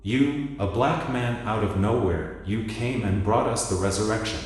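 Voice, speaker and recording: A man playing a fierce, gruff warlord. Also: fairly low pitch, normal speed, close to an everyday voice. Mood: fervent. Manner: angry, blunt, demanding. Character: fierce Greek warlord chief, gruff and proud. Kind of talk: dramatic reading. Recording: echoey hall with music behind.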